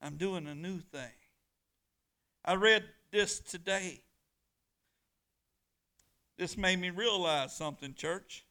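Male pastor, fairly high and bright, call-and-response sermon, hushed then booming. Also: takes it slowly, pauses often. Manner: call-and-response preaching, swings from hushed to loud. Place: church on a weeknight.

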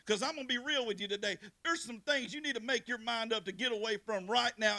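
Gravelly preacher man. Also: very high-pitched, fast. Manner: swings from loud preaching to hushed storytelling, calls on listeners by name. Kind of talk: sermon testimony.

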